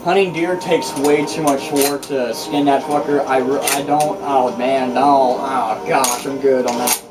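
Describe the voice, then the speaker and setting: A man's voice: mid-range voice, steady tone, unhurried. A man rambling through a casual vlog monologue, boastful and profane, full of restarts. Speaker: channel host. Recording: distant mic with loud music behind.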